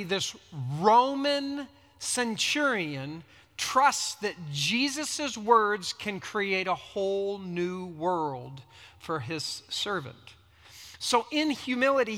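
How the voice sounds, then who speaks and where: A man preaching a sermon, teaching in an unhurried, conversational way and reading scripture dramatically. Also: high-pitched, sharp tone. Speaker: pastor. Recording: long hall reverb.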